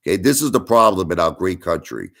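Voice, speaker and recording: A deep-voiced middle-aged man hosting a livestream. He rants with indignation, circles back on his points and keeps pleading with his viewers to listen. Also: very animated, quick pace, gravelly, fairly bright tone. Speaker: livestream host. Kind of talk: ranting livestream monologue.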